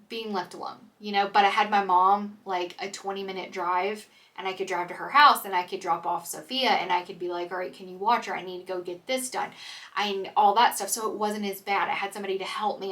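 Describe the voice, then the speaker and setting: A woman's voice: mid-range voice, fairly bright tone, recorded from a distance. A young woman chatting candidly to camera as a vlogger, full of "like" and "um". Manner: chatty, candid, filler-heavy with "like" and "um". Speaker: vlogger, military spouse. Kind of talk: casual chat to camera.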